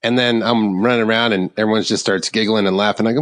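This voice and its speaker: A middle-aged man co-hosting a podcast, telling a story in a rambling, animated way and laughing along with it. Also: fairly low pitch, quick pace, hardly any pauses. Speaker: podcast co-host. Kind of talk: casual storytelling. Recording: long hall reverb.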